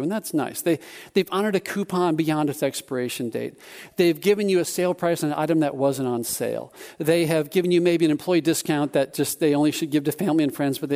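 A man preaching a sermon, telling a personal story in an animated way with many restarts. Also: fairly high pitch.

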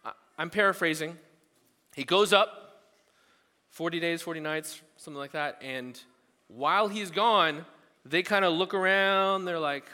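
A male pastor preaching a sermon at a church service, telling the story casually with animated asides. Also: fairly high pitch, a little slow. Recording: long hall reverb.

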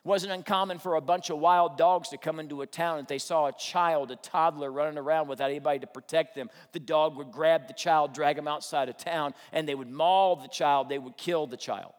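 Guy preaching a sermon, kinda high voice, lots of "you understand?", big echoey hall. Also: a little fast, hardly any pauses. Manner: animated preaching, rhetorical questions to the congregation. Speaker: pastor.

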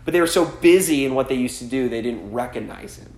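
A man's voice: mid-range voice, expressive, quick pace, vocal fry, roomy sound, noisy background. A man pastor preaching a sermon in a conversational style, often tossing in "right?" and "like" as asides. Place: church gathering.

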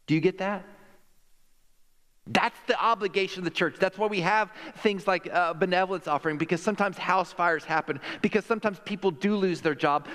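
A man's voice: sits high, fairly bright tone. Emphatic preacher man in a reverberant sanctuary. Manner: emphatic, conversational, with acted-out quotes. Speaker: pastor. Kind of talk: sermon. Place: church sanctuary. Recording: long hall reverb.

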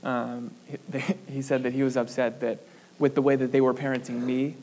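A young man preaching, reading scripture in a measured way, then telling a chatty personal story with fillers and laughs. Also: medium pitch, little pitch movement, darkish tone, a little hiss or hum.

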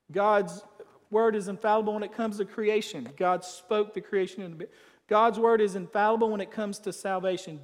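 High-voiced preacher in a reverberant church. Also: male voice. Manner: emphatic, swinging between loud declarations and quiet asides. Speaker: pastor. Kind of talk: sermon.

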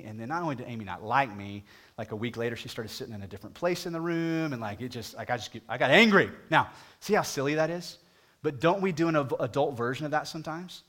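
A man's voice: expressive, fast, fairly bright tone. Man preaching a conversational sermon. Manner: conversational, asks the congregation direct questions; rises in pitch and volume at emphatic points. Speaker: pastor.

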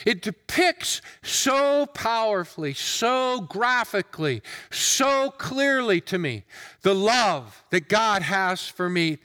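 A male preacher giving an earnest, emphatic sermon in a deliberate manner. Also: high-pitched, bright, forceful tone. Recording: long hall reverb.

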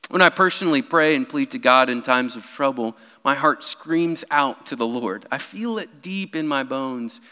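A young man preaching a sermon in a church, animated, with his voice rising whenever he quotes someone crying out. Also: medium pitch, normal speed, few pauses, smooth. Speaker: pastor. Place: church sanctuary. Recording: long hall reverb.

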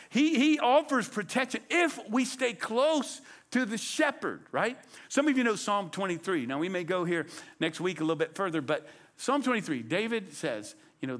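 A man preaching a sermon in an animated, conversational way, swinging his delivery for emphasis. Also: high-pitched. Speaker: pastor.

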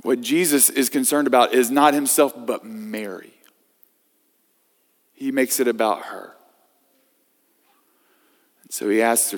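A man preaching a sermon as pastor, swinging from loud emphasis to hushed scripture reading. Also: medium pitch, steady tone, unhurried, long pauses. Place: church sanctuary. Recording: long reverb of a church hall.

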